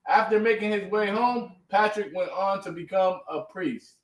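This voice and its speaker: A class member reads passages aloud in a somewhat halting way, his voice on the high side. He is off the mic, and the room adds a clear echo. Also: recorded from a distance.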